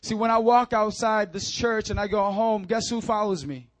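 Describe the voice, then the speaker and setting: A male pastor with a high, bright-toned voice, preaching with animated energy. He swings from loud, urging calls to hushed, intimate asides, leaning on repeated rallying phrases. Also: moderate pace. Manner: repeats calls like "come on now" and "I'm telling you". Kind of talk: sermon.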